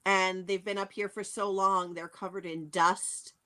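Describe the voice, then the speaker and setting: A woman from New England chatting casually, telling relaxed anecdotes with fillers and small laughs. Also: medium pitch, measured pace. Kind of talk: casual chat.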